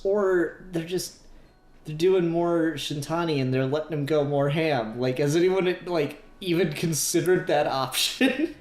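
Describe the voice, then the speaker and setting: A man's voice: mid-range voice, a little mellow. A man chatting casually on a podcast, rambling and laughing at his own jokes. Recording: roomy echo, faint hiss.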